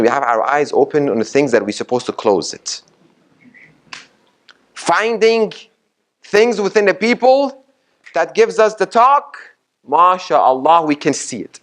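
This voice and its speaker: A sheikh preaching a Ramadan sermon in a community mosque hall. He makes his points emphatically and repeats them, asks the audience questions, and recites Arabic sayings before he explains them. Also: fairly high pitch. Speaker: sheikh giving a Ramadan lecture.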